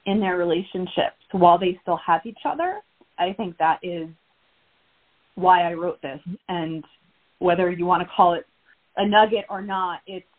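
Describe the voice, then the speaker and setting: A woman yoga teacher being interviewed, soft-spoken and measured, choked up with emotion. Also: on the low side, husky. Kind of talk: podcast interview. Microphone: call. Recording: tinny phone line.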